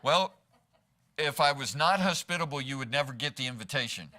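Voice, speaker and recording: Expressive and fairly quick, this medium-pitched male voice carries a sharp tone through a sermon. The pastor speaks conversationally in a church sanctuary, peppering his words with "right?" for the congregation.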